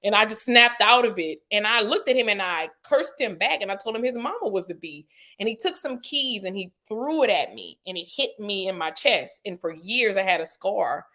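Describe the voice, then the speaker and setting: A woman, a podcast guest telling a personal story in a lively way, acting out quotes with sudden jumps in pitch and using lots of "you know" and "like". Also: moderate pace. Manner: animated retelling, acts out quotes with sharp pitch jumps; frequent "you know" and "like" fillers.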